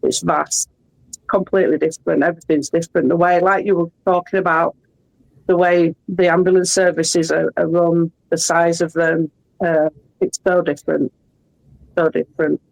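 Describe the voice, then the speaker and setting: A woman's voice: on the low side, level tone, normal speed, gravelly, rough recording. A middle-aged woman with a Yorkshire English accent, a guest in an interview, explaining things in a chatty, friendly way. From Yorkshire, England. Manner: explanatory, chatty, laughs often. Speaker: guest, ambulance worker. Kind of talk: casual interview chat.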